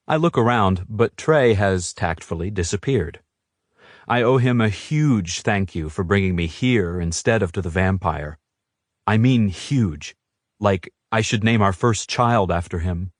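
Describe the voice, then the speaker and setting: A man narrating a first-person audiobook in a steady, fairly brisk reading. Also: low-pitched, no echo, studio quality.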